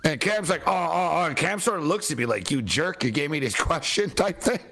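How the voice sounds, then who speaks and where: A man hosting a podcast, telling a story in an animated, casual way with laughter. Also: fairly high pitch, brisk, vocal fry. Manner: animated, laughing, quoting others in voices. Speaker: podcast host.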